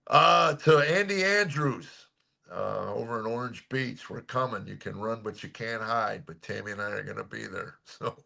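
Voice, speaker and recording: A comedian in his seventies telling stories in a radio interview, lively when quoting people and quiet and earnest on serious points. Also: gravelly. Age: 70s. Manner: animated storyteller, jumps high for quoted voices. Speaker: comedian guest.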